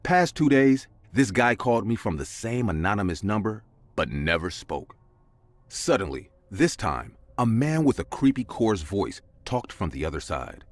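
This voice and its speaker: A man's voice: sing-song, normal speed, dry recording. A man narrating a scary story in a dramatic scripted style. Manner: dramatic, with big swings of pitch.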